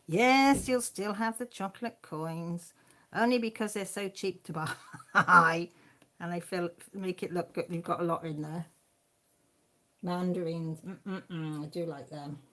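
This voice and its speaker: A woman with an English accent hosting a casual live chat from home, rambling and quick to laugh. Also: on the low side, fairly bright tone. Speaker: craft channel host.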